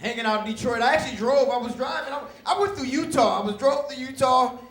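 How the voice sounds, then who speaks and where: Very high-voiced hyped male comic. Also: fast talker. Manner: loud, hyped, repeats punchlines. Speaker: stand-up comedian. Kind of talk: stand-up set. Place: comedy club stage with audience. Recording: roomy live club recording with loud audience.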